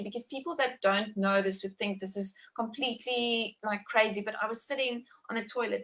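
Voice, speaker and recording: Speaking at a medium pitch, a thirty-something woman tells the story of giving birth in a conversational setting. She's animated and emotional, restarting often and saying "like" a lot.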